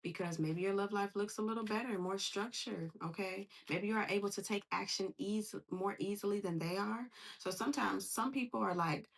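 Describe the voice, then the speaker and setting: Husky-voiced woman giving a slangy tarot reading. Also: mid-range voice, a little fast, hardly any pauses. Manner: animated, slangy, acts out quoted voices. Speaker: tarot reader. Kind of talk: casual tarot reading monologue.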